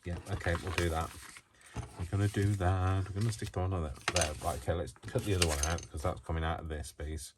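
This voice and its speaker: A man's voice: sits low, flat delivery, fast talker. A man making a casual craft video, rambling and joking at himself as he works. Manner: rambling, self-mocking, talks to himself while working. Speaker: craft vlogger. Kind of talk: casual chat while crafting. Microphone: built-in camera mic, mic not working. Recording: noisy home recording.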